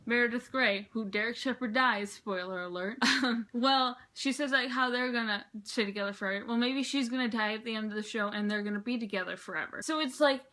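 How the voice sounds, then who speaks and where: Teen girl vlogger, chatty and excitable, bright tone, a bit high. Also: brisk, hardly any pauses. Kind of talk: casual chat.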